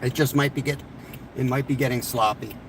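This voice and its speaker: Husky-voiced man streaming from a lake. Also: mid-range voice, steady tone, fairly quick, slight background noise. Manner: easygoing, explains gear as he sets up. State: losing his voice. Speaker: fishing channel host. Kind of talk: casual live-stream chat. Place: outdoors at a lake in fog.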